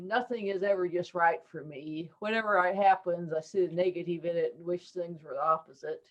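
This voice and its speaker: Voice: mid-range voice, dull audio. A writing group member talking casually and with self-deprecating humor about disliking prompts. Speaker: workshop participant. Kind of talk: casual chat.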